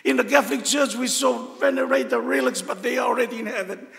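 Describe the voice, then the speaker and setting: Older Tongan man, heartfelt and gravelly. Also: very high voice, a bit bright, in a large hall. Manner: emotional, heartfelt storytelling with pauses. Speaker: cardinal giving a talk. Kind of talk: personal testimony talk.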